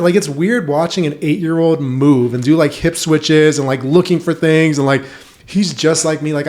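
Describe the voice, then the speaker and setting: A man talking as a podcast guest in casual chat, telling lively stories and saying "like" a lot. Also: fairly high pitch. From United States. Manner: animated storytelling, heavy use of "like".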